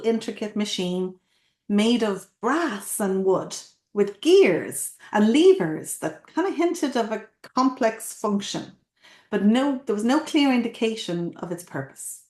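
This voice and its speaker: A woman coach giving a playful motivational talk, asking listeners questions and telling a story. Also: fairly high pitch. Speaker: coach and academy founder. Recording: roomy echo.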